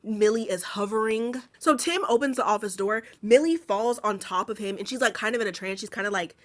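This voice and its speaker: A woman's voice: medium pitch, brisk. A young woman recapping a movie in casual, slangy talk full of "like" fillers and swearing. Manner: chatty, slangy and profane, many "like" fillers.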